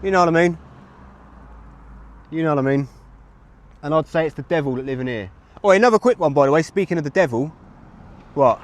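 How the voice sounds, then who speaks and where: A man's voice: fairly high pitch, animated, a little fast, pauses often. A man in his thirties, livestreaming outdoors to his chat, rambling and chatty as he talks on a phone mic. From England. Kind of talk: live street streaming to chat. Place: outdoors on a street with traffic. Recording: street traffic noise behind.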